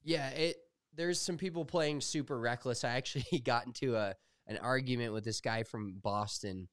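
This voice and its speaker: A young man co-hosting a podcast, telling animated, profane stories in casual chat. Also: mid-range voice, normal speed, dry recording, clean studio sound. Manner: animated storytelling, swears freely. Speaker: podcast co-host.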